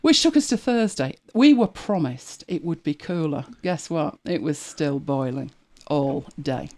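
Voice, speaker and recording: Deep-voiced and warm, a woman from Manchester, England, takes her time as she chats casually on a live podcast she hosts. Her intonation is lively, and her wry, laugh-filled tales of daily life come out in a chatty English accent.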